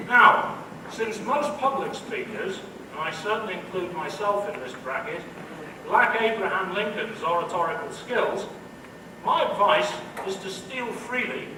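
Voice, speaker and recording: Dry, witty male professor giving a commencement speech, voice a little high, heard from a distance in a noisy hall. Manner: dry, witty delivery of jokes and quotes. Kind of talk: humorous commencement address. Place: large indoor hall.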